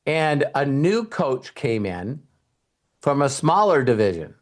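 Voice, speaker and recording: A man's voice: mid-range voice, big pitch swings, slow pace. A middle-aged man hosting a motivational talk, telling stories and acting out quoted voices with some casual swearing. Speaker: host and mentor.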